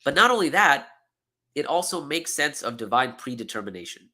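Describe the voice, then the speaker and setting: A man's voice: mid-range voice, very animated, fairly quick, pushed and bright. A man teaching a seminar, explaining with emphatic repetition and frequent "okay?" and "right?" checks. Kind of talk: lecture.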